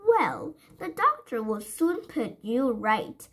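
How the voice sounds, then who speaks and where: A woman's voice: fairly high pitch, sing-song, slow pace, husky, heavily acted. Woman doing a teasing window cleaner man.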